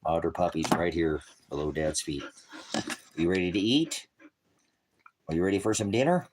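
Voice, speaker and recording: A man with a notably deep voice talks loosely on a livestream from home. He rambles from topic to topic, cracks crude jokes, and slips into doting baby talk with his dogs. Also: normal speed, background noise. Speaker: livestream host.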